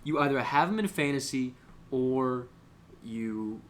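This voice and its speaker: A man's voice: mid-range voice, expressive, fast. Joking slangy man on a podcast. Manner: joking, slangy, laughs at own bits. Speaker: podcast co-host. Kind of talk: casual sports chat.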